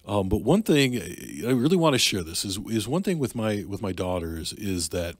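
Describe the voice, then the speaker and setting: A middle-aged man with a deep, husky voice tells a personal story in a halting, candid way. He stops often and restarts his sentences. The sound is dry and close. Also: very animated, no room sound. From Michigan. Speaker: podcast guest, Navy and Army veteran. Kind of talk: casual storytelling.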